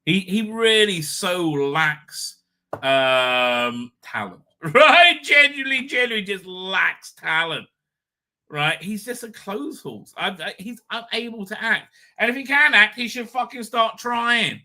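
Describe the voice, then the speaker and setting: A man's voice: high-pitched, animated, slow pace, pushed and bright. A man hosting a casual livestream, rambling crudely with many fillers and tag questions. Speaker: livestream host.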